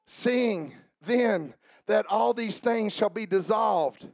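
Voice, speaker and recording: A pastor in his forties preaching a sermon, rising to shouts and half-sung lines, then dropping to quiet storytelling. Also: high voice, takes it slowly, vocal fry, no echo, studio quality. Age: 40s. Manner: shouting and half-singing at climaxes. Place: church.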